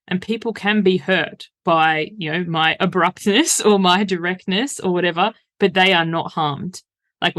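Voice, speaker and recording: A woman whose voice sits on the low side with a fairly bright tone appears as a guest in a casual interview. She is a coach who speaks frankly and breaks into laughter while telling her stories.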